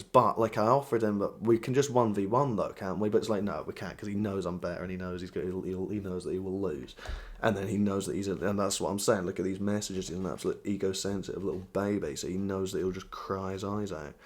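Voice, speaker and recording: A man with a very low, deep voice rants through gameplay commentary. He is heated and profane, mocking his rival without letup. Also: quick pace. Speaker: gaming commentator.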